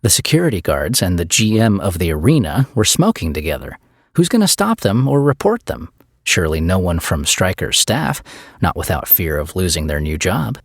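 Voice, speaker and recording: A man narrating an audiobook in a scripted, expressive storytelling style. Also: low-pitched, moderate pace, slightly rough, no echo, clean studio sound.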